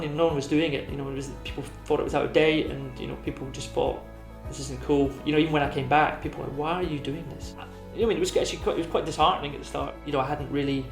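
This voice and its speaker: A man's voice: on the high side, reverberant. A Scottish man from Edinburgh, a tattoo artist talking in a documentary interview, rambling and full of "you know". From Edinburgh, Scotland.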